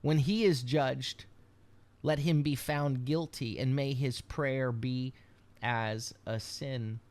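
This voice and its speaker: A rabbi giving a daily devotional, reading scripture aloud and explaining it with frequent ums and restarts. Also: male voice, medium pitch, steady tone, slow pace, a little mellow. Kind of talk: devotional Bible teaching.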